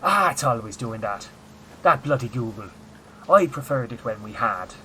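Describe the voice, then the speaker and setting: A man voicing a burly, gruff but kindly Irish police officer in a thick put-on Irish accent. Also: mid-range voice, lively intonation, moderate pace, pushed and bright, slight background noise, rough recording. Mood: exasperated. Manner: thick, blunt and emphatic.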